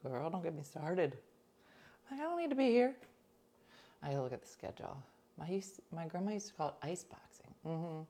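Woman just chatting away about her weekend stories, kinda low voice, gets loud and animated then whispery. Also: a little fast, long pauses, slight background noise. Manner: chatty, animated, drops into whispers for quoted asides. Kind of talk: casual storytelling to listeners.

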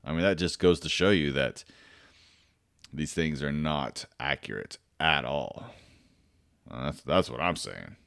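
A man's voice: rumbling low, expressive, measured pace, gravelly, pauses often, a bit bright, clear, resonant tone, no echo, studio quality. A man casually telling a personal story, rambling and self-deprecating, with lots of fillers, restarts and swearing.

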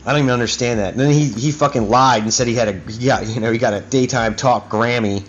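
A man's voice: medium pitch, steady tone, quick pace, a little hiss or hum. A man hosting his own talk show, ranting in a heated, profane, rambling way. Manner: profane, heated and rambling, with many "you know what I mean"s. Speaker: host. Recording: dull lo-fi recording with faint music.

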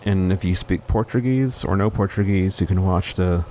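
A man with a low voice hosts a casual film podcast. He stumbles and restarts often, padding his talk with fillers, over a faint noise floor. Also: dark tone. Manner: halting, many restarts and fillers. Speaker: podcast host.

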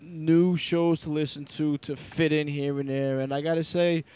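A man with a New York accent hosting a podcast, relaxed and appreciative, sometimes stumbling over his words. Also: on the high side, clear, resonant tone. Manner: relaxed, appreciative, slightly halting. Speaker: podcast host. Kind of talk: casual chat.

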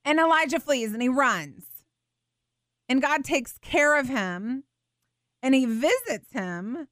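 A woman's voice: sits high, expressive, takes it slowly, a bit bright, dry recording, studio quality. A woman hosting a faith show, teaching earnestly and tenderly and reading scripture aloud with expression. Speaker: show host teaching the Bible.

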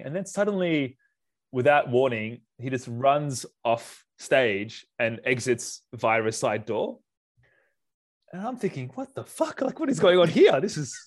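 A man, a wedding photographer telling stories in a casual interview, acting out the people he quotes. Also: mid-range voice. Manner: animated, acts out quotes in raised voice. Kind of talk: casual storytelling.

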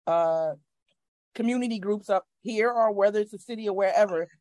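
A woman's voice: mid-range voice, moderate pace, darkish tone, no echo. A middle-aged woman, a guest on a podcast, speaks earnestly about her faith over a video call, often restarting her sentences. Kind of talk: casual conversation.

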